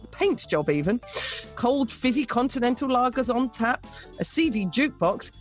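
A woman co-hosting a radio show, reading a listener's story aloud with lively, amused storytelling. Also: fairly high pitch. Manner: lively, amused storytelling, laughing between lines. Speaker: radio co-host.

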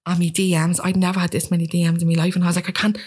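Speaking rapid-fire in a lowish, slightly rough voice, a woman near thirty chats casually as a guest, bringing quoted voices to life as she animatedly recounts things.

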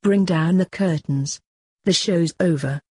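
A woman's voice: fairly low pitch, a little slow, warm tone, slightly rough, dry recording. A woman reading the lines of a weary old male stage magician, a grandfather, polite and evasive.

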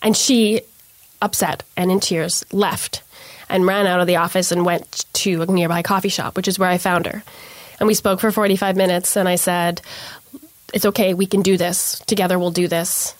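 A young woman with a slightly low voice recounts her experience to an interviewer in earnest detail. She acts out the lines that others said as she tells it. The sound is dry and close, with no room around it. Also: steady tone, moderate pace, no echo. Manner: earnest storytelling, acts out quoted dialogue. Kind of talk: personal account in an interview.

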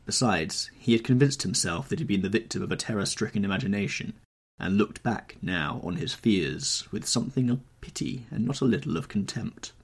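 A man narrating a classic novel in a measured, literary audiobook reading. His voice sits low with a gravelly fry and a husky grain. The pacing is steady and unhurried.

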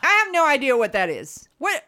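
A woman co-host with a bright, higher voice. She chats in a self-mocking way. Her pitch swings widely as she talks. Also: a little fast. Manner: chatty, animated, self-mocking. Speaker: podcast co-host. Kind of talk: casual chat.

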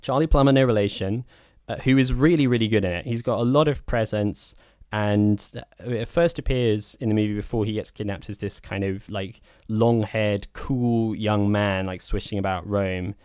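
A man's voice: lowish voice, steady tone, moderate pace, darkish tone, clean tone, no echo, studio quality. A man co-hosting a podcast, giving a frank, opinionated film review in a loose, chatty way. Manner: opinionated, talks in loose spoken asides. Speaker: podcast co-host. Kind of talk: casual film review chat.

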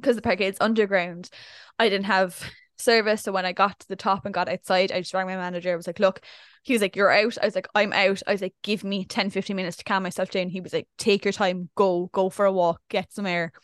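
A young woman chats through a story, slipping into the voices of the people she quotes. Her pitch sits in the middle range. The recording is dry and close, with little room sound. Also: little pitch movement, brisk, no room sound. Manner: chatty storyteller acting out quoted speech. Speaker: podcast co-host. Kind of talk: casual chat.

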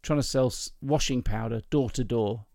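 Man, podcast host, chatty, rambling, mid pitch, dry close mic. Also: normal speed, vocal fry, a little mellow, no echo. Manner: chatty, rambling, laughs often. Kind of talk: casual chat, joke telling.

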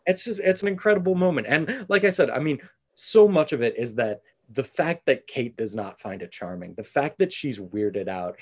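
A man co-hosting a casual podcast chat, talking in an animated way with quick asides and the odd swear. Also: medium pitch, husky. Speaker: podcast co-host.

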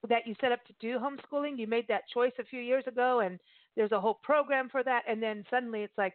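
A woman hosting a casual interview, lively and chatty. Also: fairly high pitch, fast, no echo. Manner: lively, chatty, laughs and puts on voices. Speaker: host. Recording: phone-like remote call audio.

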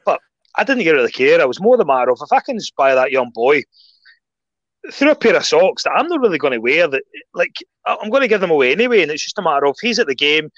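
A Scottish man chatting casually as a guest, telling animated stories and laughing often. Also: a little high, fast talker, dry recording, highs cut off. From Scotland. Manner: animated storyteller, laughs often, acts out others' voices. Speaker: guest, rugby player. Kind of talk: casual chat.

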